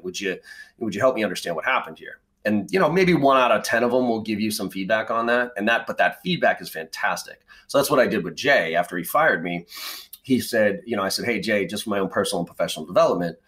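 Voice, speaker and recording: A man's voice: lowish voice, fairly bright tone. A middle-aged man from the Boston area, a sales trainer telling stories as a podcast guest in a blunt, conversational way, swearing freely. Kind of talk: casual storytelling in a podcast interview.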